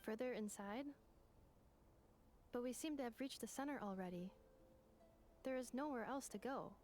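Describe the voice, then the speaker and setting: A woman's voice: on the high side, moderate pace, darkish tone, faint music behind, lightly acted. An actress playing a puzzled young female companion in a video game, in a wondering, questioning voice.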